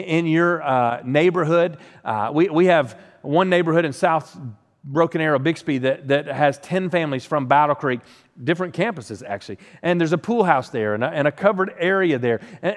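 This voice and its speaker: A male pastor preaching a sermon, his voice pitched a bit higher than most men. He stumbles and repeats the first sounds of words. A long reverb trails after him, as if he is in a big hall.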